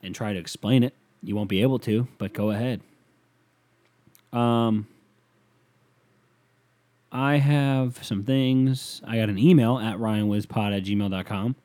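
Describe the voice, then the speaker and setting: A young man hosting a solo podcast, rambling casually, swearing often and mumbling asides in a deadpan way. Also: lowish voice, a little slow, pauses often, dry recording. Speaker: podcast host.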